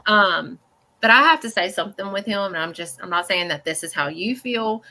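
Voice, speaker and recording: A woman working as a psychic medium, giving a live reading to a caller in a halting, earnest way. She uses many fillers, often checks in with "okay?", and speaks bluntly. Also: mid-range voice, animated, sharp tone.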